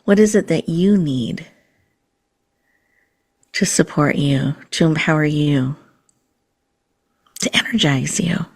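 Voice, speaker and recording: A woman hosting a podcast, leading listeners through a slow, soothing mindfulness and breathing exercise. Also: low-pitched, darkish tone, breathy edge. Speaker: podcast host.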